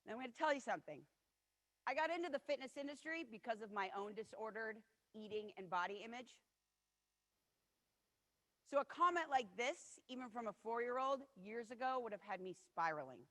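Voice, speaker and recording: A woman's voice: a little high, expressive, moderate pace, fairly bright tone. Earnest woman giving a keynote in a hall. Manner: personal, earnest, acts out quotes of others. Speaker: keynote speaker. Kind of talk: motivational storytelling speech. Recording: long hall reverb.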